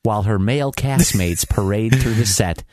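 A man's voice: on the low side, moderate pace, no room sound. A man hosting a talk radio show, reading celebrity news aloud and joking around with a co-host. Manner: animated, joking, laughs often.

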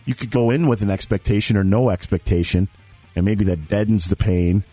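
A man's voice: fairly low pitch, fairly even intonation, a little fast, mellow, no echo, soft background music. A man co-hosting a casual podcast, a father who laughs a lot and tells anecdotes. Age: adult with a young son. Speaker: podcast co-host. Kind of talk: casual chat.

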